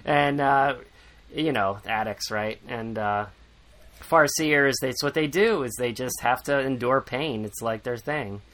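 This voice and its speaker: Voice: medium pitch, measured pace, fairly bright tone. Rambling sarcastic podcast host. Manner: rambling, sarcastic, swears freely. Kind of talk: casual book-recap chat.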